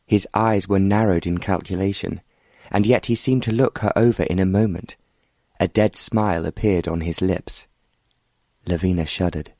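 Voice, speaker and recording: A man narrating an audiobook in a steady, even storytelling manner. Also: deep voice, moderate pace, dry recording, studio quality. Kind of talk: scripted narration.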